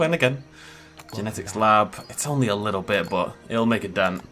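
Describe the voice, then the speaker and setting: A man's voice: on the low side, a little fast, a bit bright, soft background music. A man giving casual gameplay commentary as a YouTuber, chatty and joking, laughing often. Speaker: gaming YouTuber.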